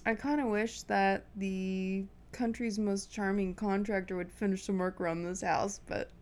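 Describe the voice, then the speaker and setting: Woman, thirties, podcast guest, dry wry humor, relaxed conversational tone at home. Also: medium pitch, a little slow. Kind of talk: casual chat.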